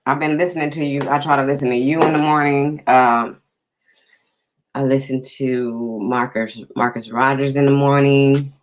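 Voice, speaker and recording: A man's voice: mid-range voice, fairly even intonation, normal speed, a little hiss or hum, poor audio. A man hosting a casual live stream, chatting easily and greeting viewers by name.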